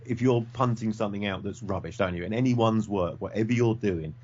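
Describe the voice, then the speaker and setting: A man's voice: on the low side, a little fast, darkish tone. A man co-hosting a podcast, ranting bluntly and emphatically in casual chat. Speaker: podcast co-host reading feedback. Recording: slightly dull audio.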